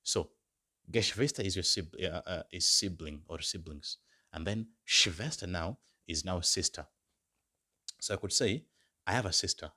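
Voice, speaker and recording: Male German tutor, a deep and deliberate teacher who drills phrases slowly and patiently. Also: pushed and bright. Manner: repeats each German phrase slowly, then translates it into English. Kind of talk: slow, repeated language lesson.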